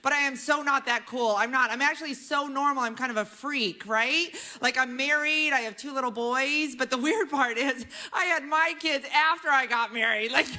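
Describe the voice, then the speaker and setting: A woman in her thirties doing a chatty, animated stand-up set on a club stage, often tagging lines with "right?". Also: high voice, normal speed, hardly any pauses. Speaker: stand-up comedian. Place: comedy club stage with a live audience.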